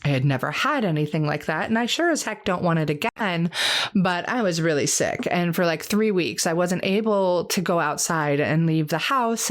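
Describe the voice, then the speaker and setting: A young adult woman hosting an herbal podcast, chatting casually and eagerly with lots of fillers. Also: low-pitched. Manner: chatty, enthusiastic, many fillers.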